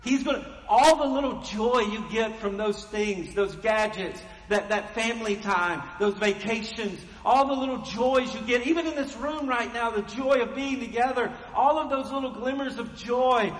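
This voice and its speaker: A man with a notably high voice delivers an animated, emphatic sermon. The sound carries a long, roomy reverb, as if he is preaching in a church hall. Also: moderate pace. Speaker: pastor.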